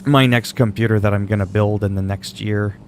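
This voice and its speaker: A man's voice: lowish voice, fairly even intonation, fairly quick, slight background noise. A man chatting casually while livestreaming a game, answering chat questions in a laid-back, swearing way.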